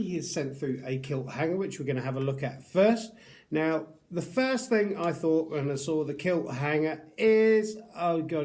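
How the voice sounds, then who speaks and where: A man's voice: on the high side, darkish tone. A man reviewing products to camera, chatty and earnest, with upbeat greetings. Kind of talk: casual talk to camera.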